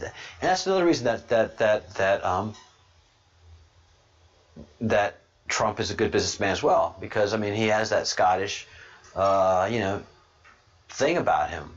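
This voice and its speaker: A man from Ireland hosting a podcast, talking casually in an animated, rambling way and laughing often. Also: lowish voice. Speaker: podcast host. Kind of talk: casual monologue. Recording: dull lo-fi recording.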